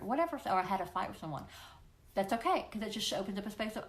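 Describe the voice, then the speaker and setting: A woman's voice: medium pitch, animated, fast talker. A woman hosting a weekly live question-and-answer stream, talking casually and encouragingly to viewers and playfully acting out voices. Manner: playful, encouraging, often acts out quoted voices. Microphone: livestream computer microphone.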